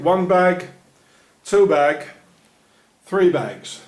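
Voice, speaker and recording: A man's voice: unhurried, long pauses, a little mellow, no echo. Guy rambling on all sarcastic while feeding cats, mutters stuff under his breath. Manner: sardonic, rambling, drops into low muttered asides. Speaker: vlogger.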